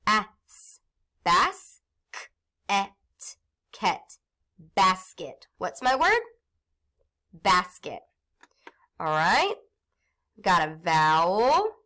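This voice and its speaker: A woman teaching young children to read, sounding out syllables slowly and encouragingly. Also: medium pitch, bright, forceful tone. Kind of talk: early reading lesson for children.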